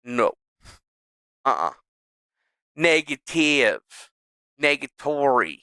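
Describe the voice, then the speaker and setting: A man's voice: medium pitch, sing-song, takes it slowly, long pauses, pushed and bright, clear, resonant tone, no room sound. Profane rambling male streamer. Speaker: livestream host. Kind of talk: casual livestream chat. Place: home streaming setup.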